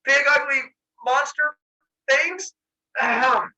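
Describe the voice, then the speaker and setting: A man voicing a brash, eager young male god, talking loud and excitable on a video call. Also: high voice, normal speed, breathy edge, pitched above the performer's own voice, full character voice, low-quality recording. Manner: loud, excitable, often shouting.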